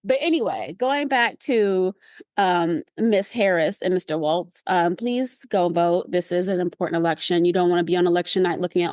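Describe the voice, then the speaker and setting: A woman co-hosting a podcast in casual chat, animated and playful, slipping into high mimicking voices. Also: normal speed, no echo, studio quality. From California. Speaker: podcast co-host.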